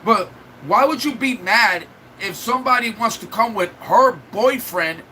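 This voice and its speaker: A man's voice: sits high, animated, measured pace, sharp tone, slight background noise, poor audio. A man livestreaming in a casual chat, venting at length to his viewers in a rambling, upset way. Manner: rambling, restarts and fillers.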